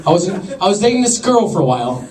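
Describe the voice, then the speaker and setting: A young man doing a stand-up comedy set with an awkward, deadpan, self-deprecating delivery to a laughing crowd. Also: high voice, fast, very noisy. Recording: echoey club from far off.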